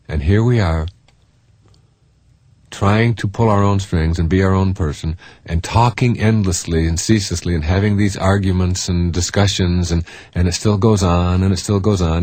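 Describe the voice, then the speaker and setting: A man with a very low, husky voice delivers a self-help lecture. He talks earnestly and with emphasis, stacking up repeated phrases to drive his points home. The recording is dry and close, with no room sound. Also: darkish tone, dry recording. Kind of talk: recorded motivational talk.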